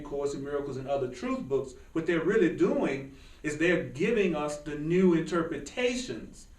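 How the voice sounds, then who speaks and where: A man teaching a small spiritual class in an informal, animated way, often laughing and joking. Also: fairly high pitch, echoey room, recorded from a distance, rough recording. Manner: animated, laughing, jokey asides.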